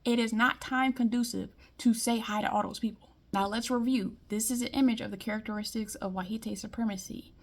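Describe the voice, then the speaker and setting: Woman from Detroit, vlogger; blunt, emphatic, chatty delivery, voice on the high side. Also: steady tone, a little fast, hardly any pauses. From Detroit, US Midwest. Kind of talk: casual monologue commentary.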